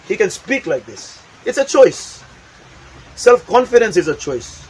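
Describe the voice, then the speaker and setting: High-voiced emphatic motivational speaker man. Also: very animated, a little slow, a little hiss or hum, rough recording. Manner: emphatic, repetitive, acts out examples. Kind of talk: motivational talk with acted demonstrations.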